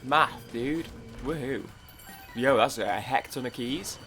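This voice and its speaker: Young man, gaming commentary, excitable, rambling, casual, faint music behind. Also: medium pitch, slow. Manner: rambling, excitable, swears casually, restarts often. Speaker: gaming YouTuber. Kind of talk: casual let's-play commentary.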